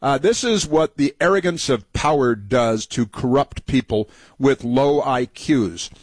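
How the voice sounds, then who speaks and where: A man's voice: mid-range voice, animated, measured pace, no echo. Combative male talk host, dry studio sound. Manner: combative, mocking, many fillers. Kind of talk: political commentary over played clips.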